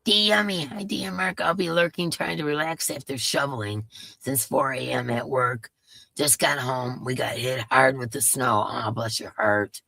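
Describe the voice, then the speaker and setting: Congested woman with a creaky voice. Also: extremely low pitch, normal speed, fairly bright tone, dry recording. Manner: chatty, greets viewers one by one. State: congested, stuffy nose. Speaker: live stream host. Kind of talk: casual chat with viewers.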